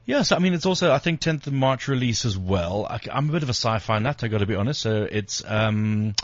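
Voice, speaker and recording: A man co-hosting a radio chat show, joking quickly and reading out figures as he talks. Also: mid-range voice, expressive, no echo, lo-fi sound. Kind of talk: casual chat.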